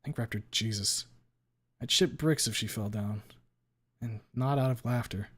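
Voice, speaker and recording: A man reading a fan story aloud on a stream, expressive, with small stumbles. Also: mid-range voice, moderate pace.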